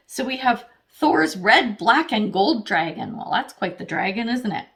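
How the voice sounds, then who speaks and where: A woman's voice: mid-range voice, animated, measured pace, few pauses, fairly bright tone. A woman giving a casual tarot reading, who talks straight to the viewer, thinks aloud as she pulls cards and swears freely. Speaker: tarot reader.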